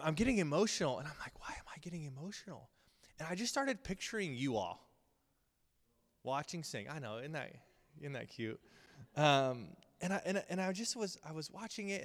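A man's voice: medium pitch, sharp tone. Guy in his 30s giving a chatty sermon, lots of ums, echo hanging in a big hall. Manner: casual and earnest, with many ums and restarts. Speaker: Bible school teacher. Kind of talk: conversational sermon. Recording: long reverb of a hall.

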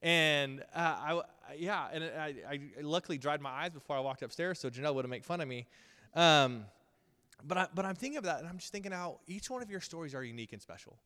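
A man's voice: a little high, a little fast, pushed and bright, clear, resonant tone. A man in his thirties teaching at a Bible school in a casual, earnest sermon style, with frequent ums and restarts. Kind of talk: conversational sermon. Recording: long reverb of a hall.

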